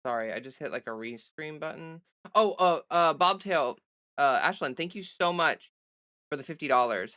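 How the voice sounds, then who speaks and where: A woman talking off the cuff on a home livestream, her voice bright and forward. She rambles through fillers and restarts and stays blunt and defiant, swearing freely. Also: low-pitched, animated, normal speed. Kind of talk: casual livestream chat. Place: home streaming setup under bright lights.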